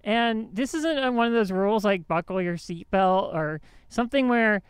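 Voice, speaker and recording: A woman's voice: medium pitch, moderate pace, clear, resonant tone, dry recording. A woman hosting a show, telling a story in a casual monologue with indignant emphasis and many restarts. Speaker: host.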